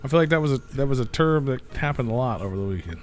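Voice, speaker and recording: A man's voice: medium pitch, expressive, very fast. A man hosting a live podcast, chiming into a shared story in casual, laid-back chat. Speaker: podcast host.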